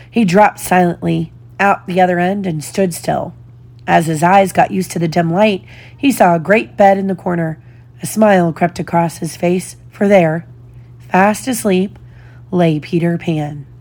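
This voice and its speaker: A woman reading a children's storybook aloud in a slow, deliberate storytelling manner. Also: fairly low pitch, fairly even intonation, a little mellow. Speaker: storybook reader.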